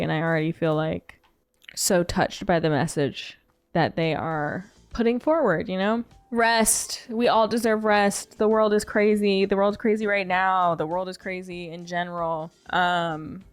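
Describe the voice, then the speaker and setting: A woman's voice: on the low side, dry recording. Earnest, emotional young woman streamer. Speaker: gaming streamer. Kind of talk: casual game commentary.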